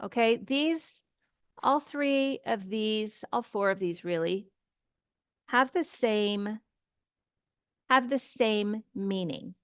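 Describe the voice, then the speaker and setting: Woman, English teacher, grammar lesson, very slow pace, patient, repeats examples, dry sound. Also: mid-range voice, clean tone, dry recording. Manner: slow, patient, demonstrates pronunciation by repeating phrases.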